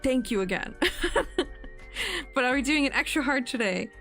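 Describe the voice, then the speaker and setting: Young woman streamer reading bday messages, giggly and teary, kinda high voice, faint music behind. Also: normal speed, fairly bright tone. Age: 20s. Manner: giggly and emotional, laughing often. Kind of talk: casual livestream chat, reading birthday messages.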